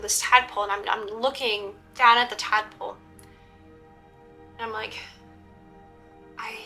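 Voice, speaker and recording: A woman's voice: medium pitch, bright, forceful tone. A young woman casually recounting a role-play event, rambling with many fillers and restarts and acting out the quoted dialogue. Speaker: vlogger recounting a LARP event. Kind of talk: casual storytelling vlog narration.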